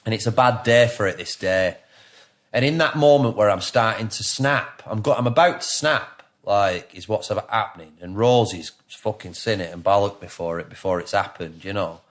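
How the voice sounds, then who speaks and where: A man's voice: fairly low pitch, normal speed, fairly bright tone. A man in his thirties with a Lancashire accent, a guest chatting in a podcast interview, rambling and swearing with many restarts. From England. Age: 30s.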